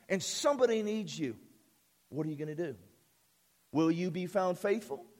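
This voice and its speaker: A male pastor delivers a church sermon in a fairly high voice for a man. He builds through repeated lines and calls out "amen?" to draw responses from the congregation. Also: lively intonation, normal speed, long pauses. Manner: preaching with call-and-response amens and repeated phrases.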